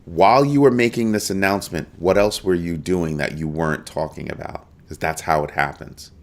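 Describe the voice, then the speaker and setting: A man's voice: sits low, moderate pace. A man hosting a live crypto show, talking emphatically and animatedly to his viewers and greeting people in the chat. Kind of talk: live-stream commentary.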